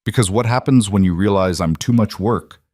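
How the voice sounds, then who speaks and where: A man's voice: lowish voice, expressive, a little fast, darkish tone, dry recording, clean studio sound. A man reading a guarded, anxious woman CEO. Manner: earnest, confessional, anxious. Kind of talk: audiobook-style story reading.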